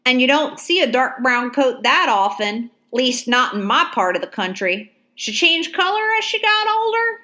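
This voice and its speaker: A woman's voice: high-pitched, very animated, normal speed, hardly any pauses, bright, forceful tone, pitched above the performer's own voice, exaggerated voice. A woman reading an audiobook, voicing a polite young male Confederate soldier with a dense, twangy North Georgia accent. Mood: admiring. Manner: polite, folksy. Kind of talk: audiobook character voice.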